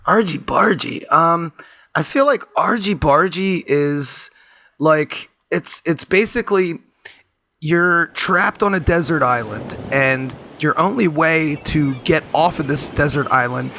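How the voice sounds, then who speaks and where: Brief: hoarse male panelist, gravelly and raspy, highish pitch, dry close sound, giggly absurd improv. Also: takes it slowly, pushed and bright, no room sound. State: hoarse, voice mostly gone. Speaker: regular panelist. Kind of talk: casual comedic improv.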